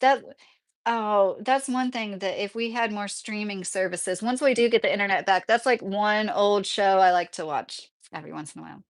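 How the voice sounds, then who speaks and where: A woman in her thirties with a slight Midwestern accent, chatting casually on a livestream and answering viewer questions. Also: medium pitch. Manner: chatty, rambling, laughs often.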